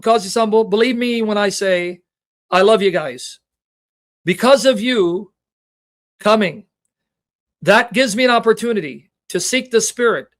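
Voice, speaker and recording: A man hosting a livestream Bible teaching, passionate and emotional, speaking straight to his viewers and asking them rhetorical questions. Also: high-pitched. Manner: reads scripture references aloud with rhetorical questions. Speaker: Bible teacher and show host.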